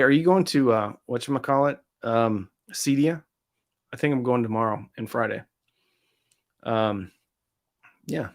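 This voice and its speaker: A man in the middle of a relaxed live stream, reading out viewer messages and answering each one. His voice sits at an ordinary pitch. He talks loosely, full of "um" and "like" and quick asides.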